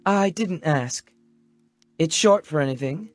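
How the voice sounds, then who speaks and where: A standoffish young woman with a dry, near-monotone sarcasm, as a man puts her on. Her voice sits higher than a man's usual tone and moves slowly, with a close, dry sound and soft music underneath. Every line lands flat and caustic. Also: no echo. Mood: deadpan sarcastic.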